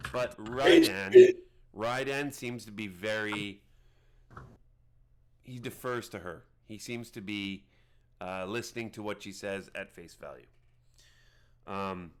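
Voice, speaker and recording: Low-voiced man running a tabletop game. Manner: halting, many fillers and restarts. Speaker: game master.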